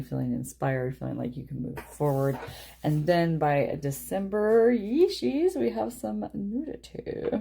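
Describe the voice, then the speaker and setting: Low, mellow-voiced chatty woman. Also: gravelly. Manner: chatty and snarky, laughs often. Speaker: tarot reader. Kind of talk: casual tarot reading vlog. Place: living room.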